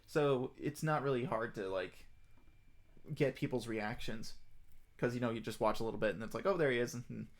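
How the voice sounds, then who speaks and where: Rambling excitable male streamer. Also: mid-range voice, normal speed. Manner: rambling, excitable, many fillers. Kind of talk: casual stream chat.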